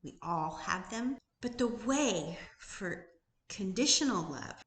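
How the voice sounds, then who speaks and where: Woman, middle-aged, life coach, motivational talk, emphatic, rhetorical questions, medium pitch, roomy echo. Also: animated, slow, a bit bright. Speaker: life coach and YouTube host.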